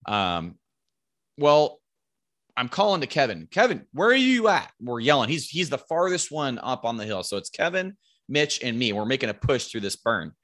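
A man's voice: mid-range voice, sing-song, moderate pace, fairly bright tone, no echo, clean studio sound. A man, likely in his thirties, casually telling a rambling, profane hunting story and raising his voice to quote his friends.

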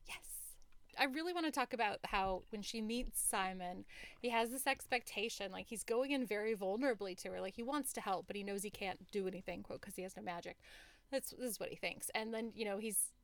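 A woman co-hosting a casual book-club podcast, enthusiastic and animated, laughing easily. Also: medium pitch, brisk, no room sound. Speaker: podcast co-host.

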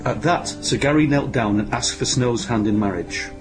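A man's voice: mid-range voice, moderate pace. A man hosting and narrating a comic pantomime, with grumbling, sarcastic asides. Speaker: host and narrator. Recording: narration with music behind.

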